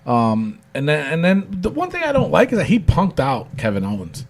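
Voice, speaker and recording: A man hosts a casual wrestling chat in a high, lively voice that swoops around. He rambles, restarting sentences and leaning on fillers as he goes. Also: moderate pace. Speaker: podcast host.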